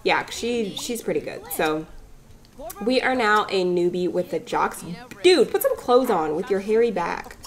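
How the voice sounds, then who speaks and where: A woman's voice: medium pitch, sing-song, measured pace. A woman giving casual, playful commentary over a life-sim game. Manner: chatty, playful, voices the characters' chatter. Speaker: let's play gamer.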